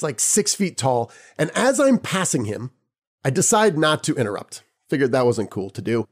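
Male podcast host, slightly raised pitch, casual anecdotal storyteller. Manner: lively anecdotal telling with chuckles. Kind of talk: personal storytelling.

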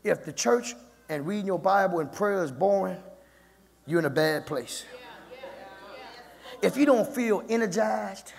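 A male pastor preaching a sermon whose talk climbs to loud shouts, recorded in a church sanctuary. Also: high-pitched, lively intonation, a little slow, vocal fry, pauses often, in a large hall.

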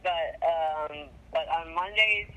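A woman's voice: low-pitched, takes it slowly, a bit bright. A young woman on a phone call, rambling and scattered, swearing and apologizing as she talks. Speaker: caller.

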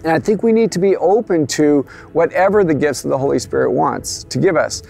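A man's voice: a little high, animated, a little fast, creaky, a little mellow, soft background music. A man giving an earnest teaching talk on faith, explaining step by step. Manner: earnest, explanatory, some restarts. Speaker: catechetical presenter.

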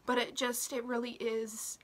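Emotional young woman with a high voice. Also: completely flat delivery. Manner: emotional, halting, many fillers and restarts; soft, drops into whispers. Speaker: vlogger. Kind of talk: personal recovery update vlog.

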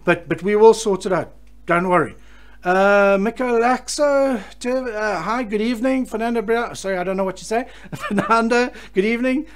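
A man's voice: high voice, normal speed, smooth. A man hosting a live stream, chatting enthusiastically and reading out viewer comments, often restarting his sentences. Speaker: host of a live fishing electronics show.

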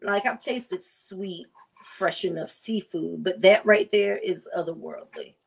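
A woman food vlogger chatting casually while she prepares and tastes seafood, savoring and drawn-out in her talk. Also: lowish voice, gravelly, husky. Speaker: cooking vlogger. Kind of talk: casual chat while cooking.

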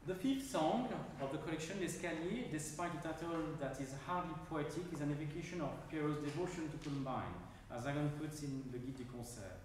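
A man's voice: a little high, a little mellow, a little hiss or hum. French-accented man lecturing in a hall. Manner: halting, careful, pointing to score examples. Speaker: musicology lecturer. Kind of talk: academic lecture. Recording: echoey hall, mic far off.

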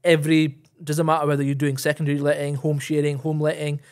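A man's voice: on the high side, completely flat delivery, fast talker, darkish tone. A man, a guest in an interview, explaining at length with many fillers. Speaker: guest, property investor. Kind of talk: casual interview chat.

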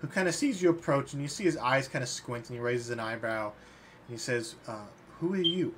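A man acting as game master of a tabletop game, narrating in a casual, relaxed way with fillers. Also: medium pitch, a little fast. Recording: faint background noise.

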